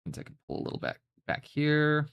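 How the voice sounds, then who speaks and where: A man's voice: a little high, sing-song, fairly quick, vocal fry, smooth, no echo, muffled recording. A young man from Canada's West Coast with a mild Western Canadian accent, chatting casually on a live stream while he paints miniatures, in a laid-back, mumbling way with casual swearing.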